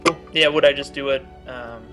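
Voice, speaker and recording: A male tabletop game player who asks questions hesitantly, full of likes and ums. His voice sits at an ordinary pitch, with soft music in the background. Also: steady tone, moderate pace. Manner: hesitant, many fillers. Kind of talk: casual chat during a tabletop game.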